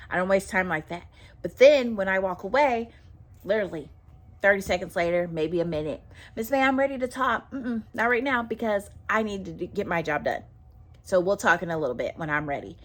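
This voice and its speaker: A woman's voice: lowish voice, a little fast. A teacher giving casual, emphatic classroom advice to other teachers and repeating her points. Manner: emphatic, repeats herself, talks straight to viewers.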